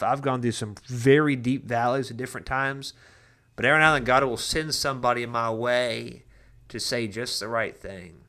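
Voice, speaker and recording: A man's voice: mid-range voice, sharp tone. A young adult man, a pastor giving a casual devotional talk, earnest and conversational with frequent restarts and personal stories.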